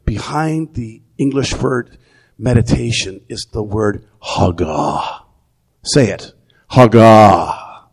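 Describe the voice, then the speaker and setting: A man's voice: mid-range voice, gravelly, darkish tone, husky. A man preaching a sermon in a conversational way, often repeating words as he thinks aloud. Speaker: pastor.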